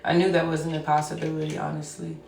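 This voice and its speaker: A woman venting on a casual livestream, rambling and emotional, at times breaking into loud outbursts. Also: low-pitched, level tone, fast talker, creaky, very noisy. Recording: roomy sound, far from the mic.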